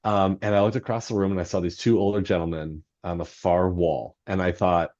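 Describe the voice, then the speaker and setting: A man's voice: deep voice, little pitch movement, brisk, a little mellow, highs cut off. A man, a novelist guest on a podcast, telling a self-deprecating story in a rambling way full of fillers. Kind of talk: anecdotal storytelling in podcast interview.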